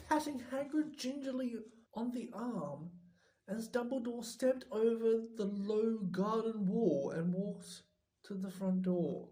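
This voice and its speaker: Slow, mellow storybook reader. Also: medium pitch, low-quality recording. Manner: slow and expressive. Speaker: audiobook reader. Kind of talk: scripted storybook narration.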